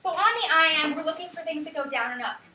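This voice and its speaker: A woman's voice: very high voice, expressive, fast, noisy background. A woman teaching a class, sometimes calling words out in a sing-song way to show syllable stress. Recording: echoey classroom, mic far off.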